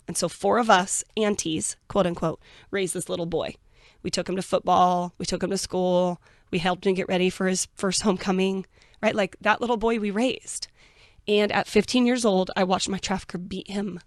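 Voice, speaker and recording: A woman's voice: mid-range voice, dry recording, clean studio sound. A woman guest in an interview, telling her own story in a blunt, frank way and acting out the people she quotes. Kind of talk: candid interview talk.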